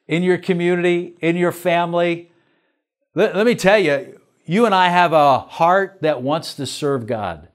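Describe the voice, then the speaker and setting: An older man, a pastor, teaching a church lesson in an earnest way, asking many questions. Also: a little high.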